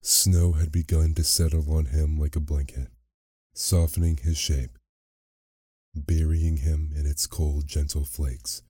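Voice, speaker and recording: A man narrating a fairy tale as a sleep story, reading in a slow, soothing, soft way. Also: rumbling low, flat delivery, breathy edge, dry recording, studio quality.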